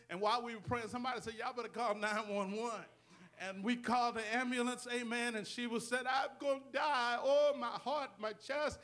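A man's voice: extremely high pitch, sharp tone. A male pastor preaching a sermon with call-and-response, repeated amens and rhetorical questions to the congregation.

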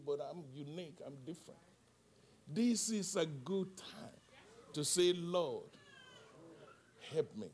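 A male preacher delivering a sermon with call-and-response, moving from hushed, soft passages to shouted climaxes. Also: a little high, lively intonation, slow pace, pauses often, slight background noise.

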